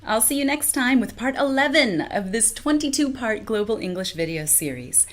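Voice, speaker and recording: Female communication coach, lively pitch, clear deliberate delivery for a video lesson. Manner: clear, deliberate teaching delivery with exaggerated syllable stress. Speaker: communication trainer.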